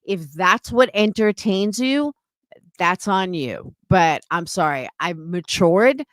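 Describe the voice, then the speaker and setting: Thirties woman streamer, heated and indignant, swears freely, measured slow pace. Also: on the low side, animated, dry recording, studio quality. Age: 30s. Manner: blunt, profane and indignant. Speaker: live streamer. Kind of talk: heated live-stream rant.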